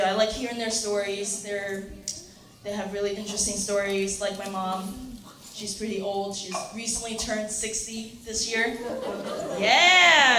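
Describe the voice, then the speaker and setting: A young woman doing a stand-up comedy set in a comedy club, chatty and halting with many fillers and laughs. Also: mid-range voice, recorded from a distance. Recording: echoey club room with noise.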